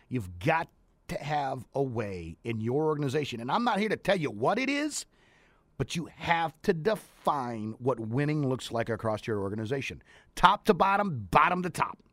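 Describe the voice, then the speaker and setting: A man's voice: medium pitch, a bit bright, dry recording. A man hosting a talk radio hour on business leadership, talking energetically and repeating phrases for emphasis. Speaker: radio show host and leadership coach.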